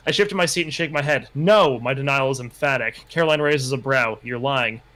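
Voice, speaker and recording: A man's voice: mid-range voice, fast talker, pushed and bright. Man reading a bad novel aloud with mockery. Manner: mocking dramatic reading, laughing asides. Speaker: livestream host reading a book aloud. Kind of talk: casual livestream reading and chat.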